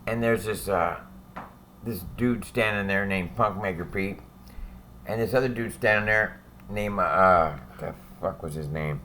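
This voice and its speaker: A man's voice: low-pitched, measured pace, sharp tone, slight background noise. A man telling a story about his time in prison in a casual, profane, rambling way, often adding "right?" as he goes.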